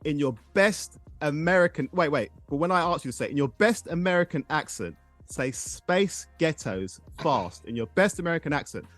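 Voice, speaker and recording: Lively excitable male podcast host. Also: fairly high pitch, a little fast, hardly any pauses, dry recording, faint music behind. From England. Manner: excitable, directs the game, laughs often. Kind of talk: casual chat.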